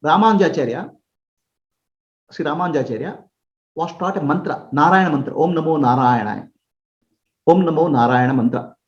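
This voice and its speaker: A man's voice: on the high side, brisk, pauses often. A man teaching as a spiritual teacher in a question-and-answer talk, explaining with homely examples, checking that listeners understand and chuckling often. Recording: roomy, dull lo-fi recording.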